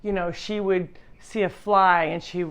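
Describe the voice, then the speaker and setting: A woman's voice: lowish voice, fairly even intonation, unhurried, a bit bright, clear, resonant tone. A woman hosting an animal sanctuary's live stream, talking in a chatty, rambling way with frequent restarts. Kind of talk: casual live-stream chat.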